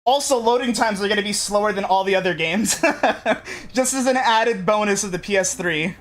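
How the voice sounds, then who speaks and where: A streamer talks casually over gameplay, circling back and fixing their own sentences as they go. The voice sits at a middling pitch. Soft music plays faintly in the background. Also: normal speed. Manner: rambling, with frequent restarts and self-corrections. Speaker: let's play streamer.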